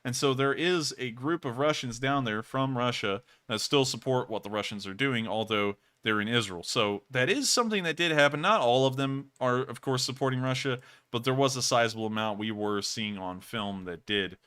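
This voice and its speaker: Male live-stream news host, earnest and rambling, bright, crisp voice. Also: medium pitch, moderate pace, few pauses. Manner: earnest, talks in long run-on explanations.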